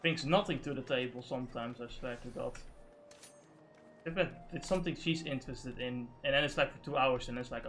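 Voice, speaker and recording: Young streamer, male, tense bright delivery, sweary rant that drops to mumbles. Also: medium pitch, fairly quick, soft background music. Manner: profane, ranting, swings from loud to muttering. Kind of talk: casual venting on a game stream.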